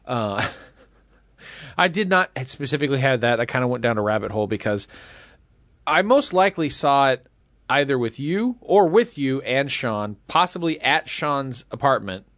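A man's voice: mid-range voice, sing-song, moderate pace, a bit bright, dry recording. A man in his forties co-hosting a casual movie chat podcast, wry and conversational. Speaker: podcast co-host.

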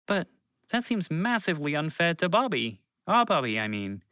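A man voicing Fred, a curious, gentle small creature in a children's story, asking plain questions. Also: a little high, very animated, moderate pace, smooth, no room sound, pitched above the performer's own voice. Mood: objecting.

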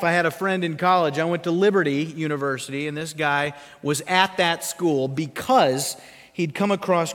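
A man preaching a sermon as a pastor, animated and fond of questions and stories. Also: sits high, big-room sound.

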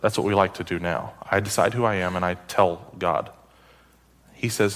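A man's voice: deep voice, fairly even intonation, moderate pace, fairly bright tone. A male pastor preaching a sermon, reading scripture aloud and adding wry, conversational asides and questions to the congregation.

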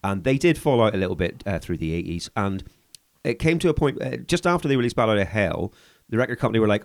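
A man from England co-hosting a casual podcast, filling in background with a dry wit. His voice is lowish but swings widely in pitch. He speaks in a relaxed, conversational way. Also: fast talker. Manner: explanatory, dry-witted. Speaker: podcast co-host.

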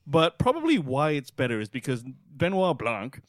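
A man's voice: on the high side, wildly swooping pitch, normal speed, no room sound, clean studio sound. A man from Australia co-hosting a film podcast, talking casually, swearing freely and laughing often. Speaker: podcast co-host.

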